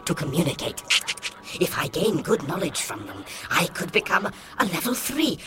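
An actor playing an ambitious moon-creature scientist, speaking formally and slowly, deferential to superiors and commanding to guards. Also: mid-range voice, wildly swooping pitch, background noise. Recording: audio drama with loud music underneath.

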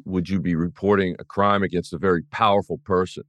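A man's voice: low voice, steady tone, brisk, a bit bright, no echo. A man hosting an interview, reflecting at length on what the guest just told him. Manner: thoughtful, reflective asides. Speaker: podcast host. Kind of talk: interview talk.

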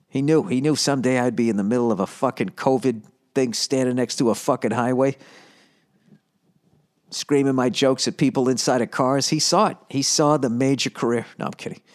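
A man in his fifties hosting a solo comedy podcast, rambling through profane, animated stories full of asides. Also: medium pitch, brisk. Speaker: podcast host.

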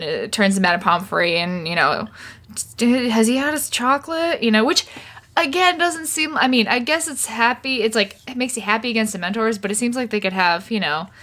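A woman co-hosting a podcast, casually and irreverently recapping a book chapter and acting out the characters' lines in quick voices. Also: mid-range voice, pushed and bright. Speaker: podcast co-host.

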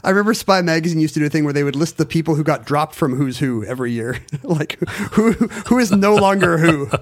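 A man's voice: on the high side, fast talker. A man co-hosting a podcast, chatting casually with wry joking asides. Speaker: podcast co-host. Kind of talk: casual chat.

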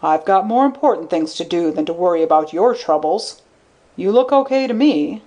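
A woman voicing a fat, brash man who talks in a loud, blunt drawl. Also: lowish voice, expressive, moderate pace, highs cut off. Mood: gruff.

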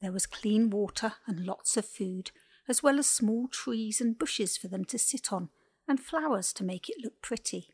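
A woman reading a scripted children's animal story slowly and gently. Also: mid-range voice, lively intonation, breathy edge.

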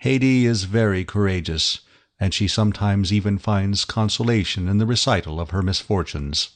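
A man doing a grave, hushed nobleman. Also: close to an everyday voice. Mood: soothing. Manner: soft, low and measured.

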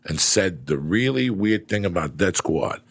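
A middle-aged man hosting a casual chat, a profane and animated storyteller with a gravelly, husky voice. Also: sits low, a little slow.

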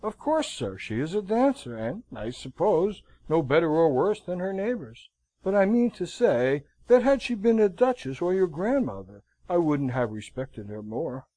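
Guy reading as fiery young gent, higher voice, protests a lot, mellow sound. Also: sing-song, normal speed, no echo, low-quality recording. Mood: indignant. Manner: eager, indignant protests. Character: earnest hot-tempered young gentleman.

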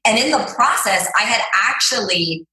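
A woman's voice: a little high, lively intonation, moderate pace, pushed and bright. A woman guest telling her story in a casual interview, chatty and full of filler words. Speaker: guest, fitness trainer. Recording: roomy echo.

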